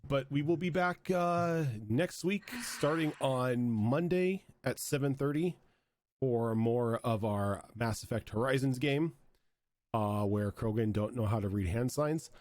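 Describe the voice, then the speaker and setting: A game master wraps up his tabletop session with chatty, rambling talk full of fillers. His voice is medium-pitched, a little slow, and a little mellow.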